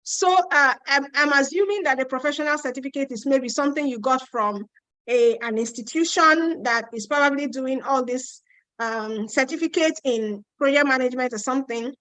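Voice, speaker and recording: A woman's voice: high-pitched, moderate pace, fairly bright tone, no room sound, poor audio. A Nigerian woman with a Yoruba accent hosting a live Q&A webinar from Ontario. She reads out viewer questions and answers them in a chatty, emphatic way, repeating her points. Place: home in Ontario.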